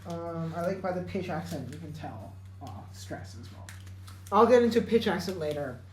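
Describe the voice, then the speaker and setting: A woman teaching an unscripted grammar lesson, halting and correcting herself, with many fillers. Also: on the low side, animated. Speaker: English teacher. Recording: echoey room with faint music.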